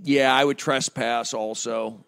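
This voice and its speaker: A man who is a comedian guest, talking in a halting, offbeat way in casual chat. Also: mid-range voice, fairly even intonation, creaky, fairly bright tone, clean tone. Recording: faint background noise.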